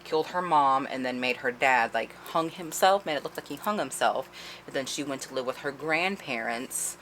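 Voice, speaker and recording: Low-voiced woman recapping a book. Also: lively intonation, moderate pace, fairly bright tone, a little hiss or hum. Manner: chatty, profane, laughing as she retells. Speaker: book reviewer. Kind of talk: casual spoiler-filled book recap.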